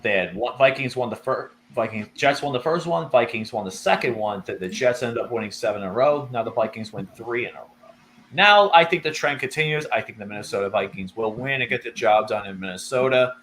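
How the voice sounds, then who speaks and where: A man's voice: mid-range voice, brisk, fairly bright tone, slight background noise. A man co-hosting a casual football picks show, talking through stats and correcting himself as he goes. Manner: rambling, self-correcting, laughs easily. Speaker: co-host. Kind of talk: casual sports picks chat.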